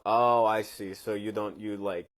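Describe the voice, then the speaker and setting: A man's voice: lowish voice, fairly even intonation, a little slow. A man co-hosting a casual comedy podcast, loose and profane, sometimes drifting into a New York style of speech. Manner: slips into a New York style accent when tired; casual, swears often. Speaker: podcast co-host. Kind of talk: casual chat.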